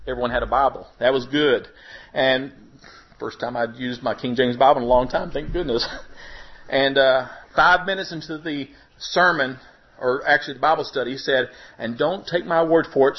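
A man telling his personal faith testimony to a congregation, emotional, his voice rising and breaking at the high points. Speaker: preacher giving testimony. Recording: dull lo-fi recording.

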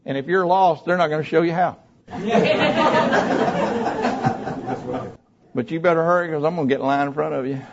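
An older man preaching a sermon, folksy and storytelling, moving between soft low talk and shouted high peaks. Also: animated, measured pace, pauses often, a loud crowd, heavy background noise. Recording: dull lo-fi sermon recording.

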